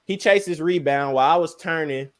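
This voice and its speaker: A young man, a podcast guest, telling a basketball injury story in casual, slangy, animated speech. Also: brisk. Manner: animated, slangy, sound words like "boom, bam".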